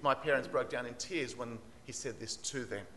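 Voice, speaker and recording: A male preacher with a bright, forceful voice tells a story from the pulpit. He reads testimony aloud and lifts his emphasis on the key phrases. His words ring out with a long echo through a big hall. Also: mid-range voice, normal speed, a little hiss or hum. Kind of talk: sermon storytelling. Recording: long reverb in a large hall.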